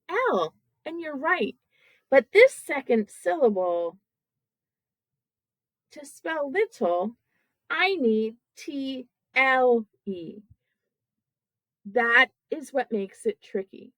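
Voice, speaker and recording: Woman, kindergarten teacher, very slow, lively sing-song pitch, sounds words out, patient. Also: dry recording, low-quality recording. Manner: sounds out words syllable by syllable, encouraging.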